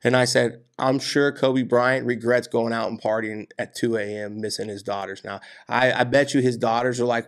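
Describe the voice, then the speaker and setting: Gravelly-voiced man telling stories animatedly. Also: mid-range voice, moderate pace, hardly any pauses. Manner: animated, swears, says "dude" and "man". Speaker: podcast guest. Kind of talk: casual storytelling interview.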